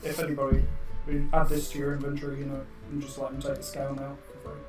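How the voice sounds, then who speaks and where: A man playing in a tabletop game, talking hesitantly with many pauses and ums. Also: mid-range voice, completely flat delivery, over music. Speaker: player. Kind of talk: tabletop role-play. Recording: echoey room, distant mic.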